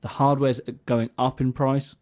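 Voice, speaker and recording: A man's voice: medium pitch, flat delivery, unhurried, darkish tone. A man co-hosting a casual music podcast, explaining things at length in a chatty way. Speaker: podcast co-host.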